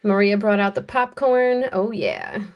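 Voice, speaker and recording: A woman with an American accent running a live-stream jewelry auction, chatty and unhurried as she calls bids and describes each piece. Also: mid-range voice, wildly swooping pitch, lo-fi sound.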